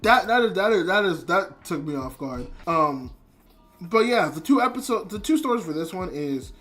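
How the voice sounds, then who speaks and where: Animated, rambling, foul-mouthed anime reviewer. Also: moderate pace, soft background music. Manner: rambling, with many restarts and frequent swearing; excitable, jumps between high and low. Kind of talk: casual spoken review on a livestream.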